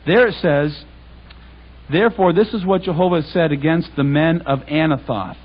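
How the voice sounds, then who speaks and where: Guy preaching to a congregation, kinda husky, high voice, dull lo-fi recording, chatty and animated. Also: moderate pace. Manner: animated, conversational, paraphrases scripture in plain speech. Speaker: public speaker. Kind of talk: congregation talk.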